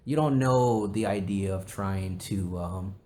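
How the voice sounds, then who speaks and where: A man's voice: sits low, slow pace, a little mellow. A man hosting a podcast, chatting casually in a rambling, jokey way with a lot of swearing. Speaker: podcast host.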